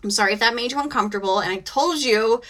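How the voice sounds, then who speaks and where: A bright-voiced woman in her thirties talks to her viewers on a live stream. She is exhausted and emotional, and she rambles along in a chatty, run-on way. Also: on the high side, fast talker. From United States. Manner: chatty and emotional, says she is close to tears. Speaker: host of a reselling live stream. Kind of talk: casual chat on a live stream.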